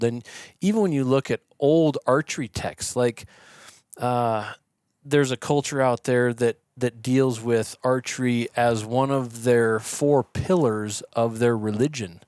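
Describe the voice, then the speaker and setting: Animated man explaining shooting technique. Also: medium pitch, measured pace, dry recording, studio quality. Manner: animated storyteller, acts out quoted yelling. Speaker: podcast guest, shooting instructor. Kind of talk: conversational explaining. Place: podcast studio.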